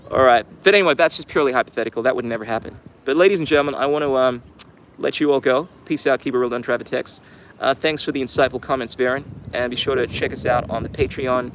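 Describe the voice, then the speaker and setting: A man's voice: mid-range voice, fast, fairly bright tone, a little hiss or hum. A man hosting his channel's livestream, rambling through casual, sarcastic commentary. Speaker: channel host.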